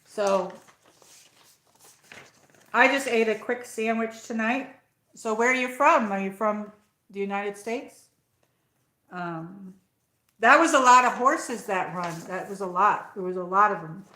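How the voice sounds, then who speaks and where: A woman's voice: medium pitch, a little slow, pauses often, pushed and bright, reverberant. A woman with an upstate New York accent hosting a rambling, casual live chat and reading out viewer comments. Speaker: livestream host.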